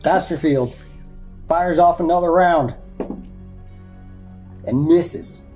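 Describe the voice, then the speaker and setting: A man running a tabletop game as dungeon master, narrating rolls and combat briskly. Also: fairly high pitch, dark tone, faint music behind.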